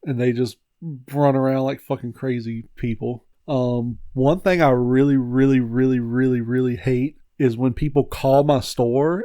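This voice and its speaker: A man's voice: mid-range voice, mellow, dry recording, clean studio sound. A man co-hosting a casual podcast, ranting about his store's customers and swearing freely. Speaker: podcast co-host, game store owner. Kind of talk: casual chat.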